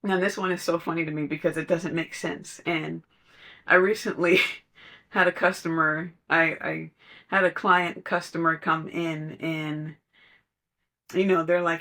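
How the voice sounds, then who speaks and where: Conversational podcast voice, mid pitch. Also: flat delivery, measured pace, sharp tone. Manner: conversational, storytelling with laughs. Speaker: podcast speaker. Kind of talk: casual spiritual talk.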